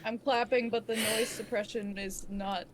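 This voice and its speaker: A woman's voice: a little high, fairly even intonation, normal speed, background noise. A woman playing a tabletop game, chatting in a hesitant, giggly way. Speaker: player. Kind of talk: casual chat while playing a tabletop game.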